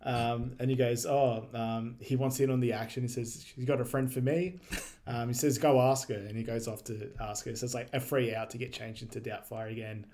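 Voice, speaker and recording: A man co-hosting a podcast, recapping a movie in casual chat, laughing often and quoting scenes quickly. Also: mid-range voice, steady tone, dark tone. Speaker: podcast co-host.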